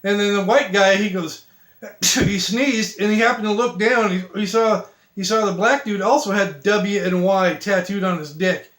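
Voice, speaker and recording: High-voiced man telling rambling jokes. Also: steady tone, a bit bright, reverberant. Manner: halting, many restarts and fillers, self-deprecating. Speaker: amateur joke teller.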